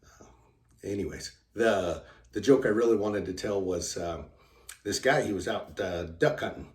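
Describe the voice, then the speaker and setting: Low-voiced man rambling through a joke. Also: darkish tone. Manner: halting, rambling delivery with many fillers. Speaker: channel host. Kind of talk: casual joke telling. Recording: roomy sound from a distant mic.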